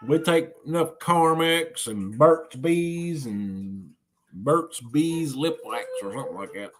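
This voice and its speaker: A vlogger filming at home, cooing at a baby and calling to the dogs in a drawn-out, sing-song voice, caught on a handheld phone. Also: medium pitch, expressive. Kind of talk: casual home vlog chatter. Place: home, kitchen and living room.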